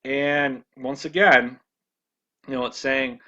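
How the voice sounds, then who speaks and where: A man's voice: medium pitch, fairly even intonation, pushed and bright. Male presenter, casual talk, stumbles and restarts a lot, dull lo-fi recording. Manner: halting, with frequent restarts and repeated words. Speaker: ministry video presenter. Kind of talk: casual monologue.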